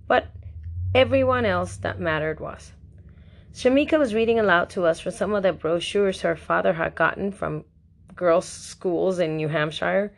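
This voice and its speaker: A woman reads a first-person story aloud in a wry, lively way. Her voice sits on the low side for a woman. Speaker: audiobook narrator. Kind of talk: first-person audiobook narration.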